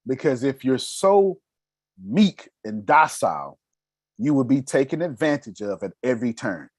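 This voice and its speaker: A raspy-voiced man giving a motivational business lesson, emphatic and casual, firing off rhetorical questions. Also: mid-range voice, big pitch swings, a little slow, no room sound. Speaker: business mentor. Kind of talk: motivational teaching.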